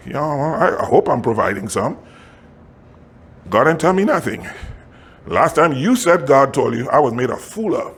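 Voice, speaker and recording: A middle-aged man pastor preaching a storytelling sermon with big leaps in pitch and chuckles as he talks. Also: unhurried, pauses often. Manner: animated preaching with sudden high pitch swings; chuckles while telling stories.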